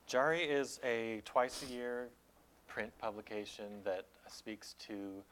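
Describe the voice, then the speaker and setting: A man's voice: fairly low pitch, a bit bright, slight background noise. A man introducing his magazine as a panelist at a conference, explaining things eagerly.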